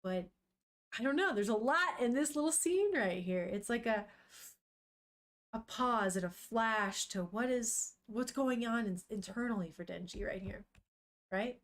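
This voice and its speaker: Slow-talking chatty young woman streamer. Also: fairly high pitch. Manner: chatty, emotional, swears casually. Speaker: streamer reading manga aloud. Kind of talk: casual live-stream commentary.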